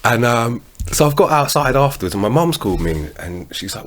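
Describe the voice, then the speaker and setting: A man's voice: medium pitch, sing-song, brisk, a little hiss or hum. A man, co-hosting a podcast, telling rambling anecdotes full of slang and swearing. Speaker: podcast co-host. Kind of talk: casual chat.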